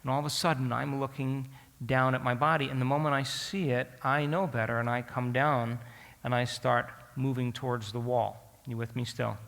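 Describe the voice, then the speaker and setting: A man's voice: medium pitch, fairly even intonation, normal speed, creaky, a bit bright, long reverb tail. A man telling a story to an audience as a lesson. He asks them direct questions and acts out his own past thoughts. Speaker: speaker teaching an audience. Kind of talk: storytelling lecture.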